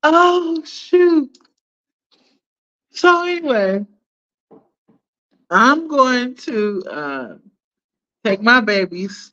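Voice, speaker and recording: A woman with children chatting casually to viewers on a live stream, animated and blunt, laughing often and using slang. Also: fairly low pitch. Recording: dull lo-fi sound.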